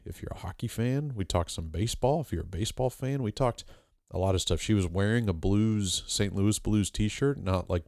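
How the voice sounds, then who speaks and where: A man with a deep, low voice talks casually on his podcast. He rambles and jokes, filling pauses with "uh" and restarting sentences. The sound is dry and close, with no room around him. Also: a little mellow, no echo. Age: adult with a master's degree. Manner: rambling, joking, many fillers and restarts. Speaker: podcast host.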